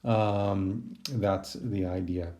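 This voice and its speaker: In a recorded class lecture, a man teaches a Greek translation lesson, thinking out loud with lots of ums and restarts. His voice is low, mellow and steady in tone, and he speaks extremely slowly.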